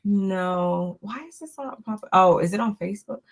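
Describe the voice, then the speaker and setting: A woman co-hosting a casual reality TV recap, relaxed and chatty. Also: mid-range voice, moderate pace, creaky. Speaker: co-host.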